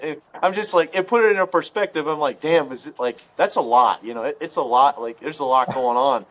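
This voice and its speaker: A man from Ohio telling a hunting story on a podcast in a loose, animated, laughing way, full of swearing and fillers. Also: a little high, fairly quick, hardly any pauses. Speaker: podcast guest. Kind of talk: casual storytelling.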